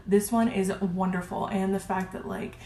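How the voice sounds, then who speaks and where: A woman's voice: medium pitch, fairly even intonation, normal speed, mellow. A woman casually reviewing her makeup brushes, gushing and chatty with lots of ums. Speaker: beauty vlogger. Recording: roomy with faint hiss.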